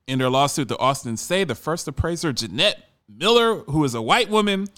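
A man's voice: a little high, lively intonation, brisk, fairly bright tone. A man hosting a radio talk show, reading a news article aloud and breaking off into fired-up, laughing asides, sometimes stumbling over his words.

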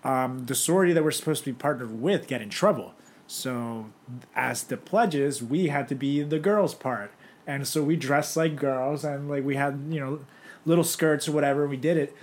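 A young man co-hosting a podcast, telling lively anecdotes and often laughing. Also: mid-range voice, normal speed. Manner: animated storyteller, laughs often, acts out quoted voices. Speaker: podcast co-host. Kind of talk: casual chat.

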